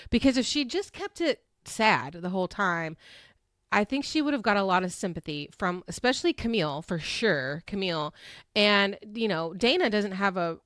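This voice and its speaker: A woman's voice: mid-range voice, moderate pace, dry recording. Laughing woman recapping gossip, dry sound. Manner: animated, laughs often, acts out quotes. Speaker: podcast host recapping a reality show. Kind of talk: casual recap storytelling.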